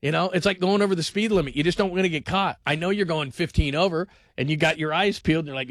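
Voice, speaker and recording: A man's voice: a little high, fast talker, hardly any pauses, no echo, studio quality. A man hosting a call-in sports radio show, talking energetically and rambling, often repeating himself.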